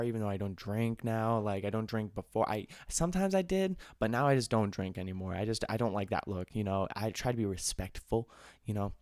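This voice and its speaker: A young man hosting a podcast, telling a funny story in casual chat, animated, laughing often and swearing casually. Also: mid-range voice, no echo, clean studio sound. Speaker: podcast host.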